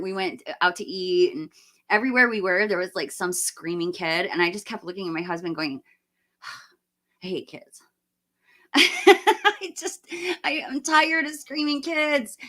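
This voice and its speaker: A woman in her forties hosts a casual live stream with a bright, forceful voice. She talks bluntly and with strong opinions, often ranting with a laugh in it. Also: medium pitch. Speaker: livestream host. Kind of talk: casual live movie review chat.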